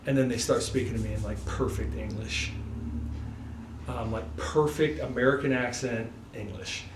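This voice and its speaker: A man speaking at an everyday pitch, telling a casual personal story at a devotional gathering. His talk is loose and full of little fillers. He sounds set back from the mic in an echoey room, with a faint hiss underneath. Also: fairly even intonation, moderate pace, recorded from a distance. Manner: loose and chatty, many fillers like "like" and "you know".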